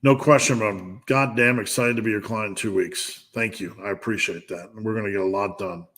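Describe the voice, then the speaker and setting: A man's voice: on the low side, fairly even intonation, a little fast, a bit bright. Blunt, joking man coaching on a live Q&A. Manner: blunt, joking, coach-like advice with frequent restarts. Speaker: strength coach hosting a live Q&A. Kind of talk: casual live-stream Q&A, reading and answering chat questions.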